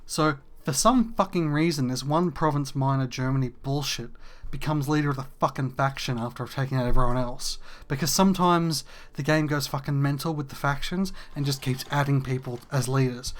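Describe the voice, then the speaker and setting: A man, hosting a casual gameplay rant that is frustrated, profane and rambling. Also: medium pitch. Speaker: gaming video host.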